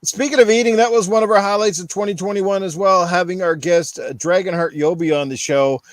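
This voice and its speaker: A man's voice: high voice, a little fast, no room sound. A man hosting a casual gaming podcast in an easygoing way, reading out chat comments. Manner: easygoing, reads chat aloud. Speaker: podcast host.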